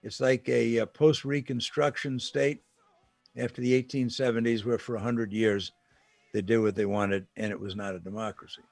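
A man talking politics in a conversational way, indignant and emphatic. His voice sits at an ordinary middle pitch. The sound is dry and close, with no room echo. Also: flat delivery, moderate pace, creaky, soft background music. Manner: indignant and emphatic, with sarcastic asides. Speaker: political commentator.

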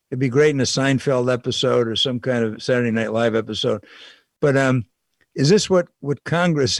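A man's voice: medium pitch, no room sound. Wry older man talking politics. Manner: wry, repetitive, chuckling asides. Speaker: political commentator. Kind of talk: casual political commentary monologue.

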